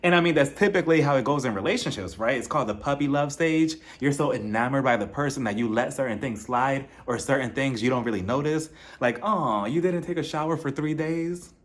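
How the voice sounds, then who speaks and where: A man chatting through a reality-show recap in a casual, gossipy way, full of sass and asides. He laughs often and keeps the tone loose and conversational. His voice sits at an ordinary middle pitch. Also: quick pace, hardly any pauses.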